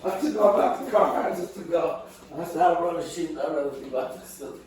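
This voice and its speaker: Older man, slightly high voice, animated storyteller who laughs a lot and mimics others, roomy echo. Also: a little fast. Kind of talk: casual storytelling.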